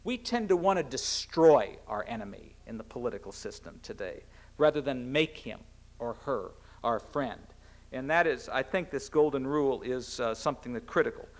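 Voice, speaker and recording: A middle-aged American man, a cabinet secretary, giving a formal public speech in an earnest, measured way with a few restarts. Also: medium pitch, expressive. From United States.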